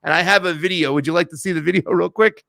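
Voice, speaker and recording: A man's voice: high-pitched, steady tone, rapid-fire, vocal fry, fairly bright tone, dry recording. A man hosting casual political commentary, slangy and mocking, often laughing and calling his viewers fam. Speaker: host.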